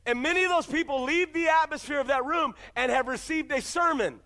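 A man's voice: very high-pitched, a little fast, pushed and bright. A man pastor preaching a sermon in a church, emphatic and full of repeated rhetorical questions.

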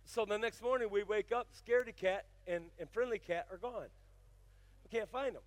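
An older male pastor preaching, moving from folksy storytelling into fiery, shouted exhortation. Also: high voice, moderate pace, dry recording. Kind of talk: sermon.

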